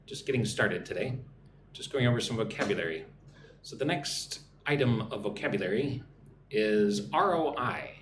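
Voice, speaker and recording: An American man teaching business English on a live stream, speaking slowly and clearly and often checking in with "right?". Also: on the low side, animated, reverberant, slight background noise. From United States.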